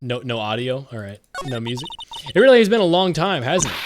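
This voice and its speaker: A man streaming a game, reading the dialogue aloud and cracking jokes, swearing and yelling now and then. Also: medium pitch, sing-song, fairly quick, faint music behind. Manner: playful, joking, swears and yells.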